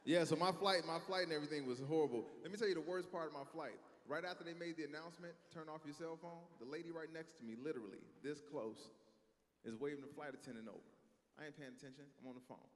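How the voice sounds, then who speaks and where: A man in his thirties doing a stand-up set on a stage, telling stories in a conversational, animated way. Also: a little high, fast. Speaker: stand-up comedian. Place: stage in a large hall. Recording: echoey hall, faint ambience.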